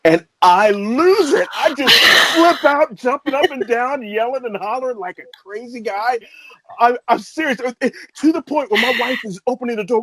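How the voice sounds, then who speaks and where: Excitable middle-aged man telling stories. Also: normal speed, breathy edge, no room sound. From American Midwest. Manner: excitable, laughs often, jumps to high pitch when excited. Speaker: interview guest, composer and voice artist. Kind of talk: animated storytelling in conversation.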